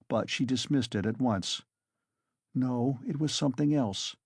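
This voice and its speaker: Gravelly male audiobook narrator. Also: medium pitch, lively intonation, a little slow, a little mellow, dry recording, studio quality. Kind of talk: scripted narration.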